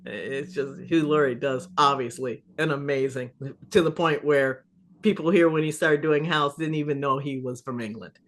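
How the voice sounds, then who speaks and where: A middle-aged woman, an improv festival curator, telling stories in a casual podcast interview, animated, laughing and swearing freely. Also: low voice, normal speed.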